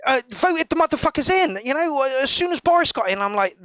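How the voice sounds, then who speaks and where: A man hosting a live song review, ranting and swearing with many halting restarts. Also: very high-pitched, expressive, fairly bright tone, slight background noise. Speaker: podcast host reviewing songs. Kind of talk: casual live review chat. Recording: dull lo-fi dry mic.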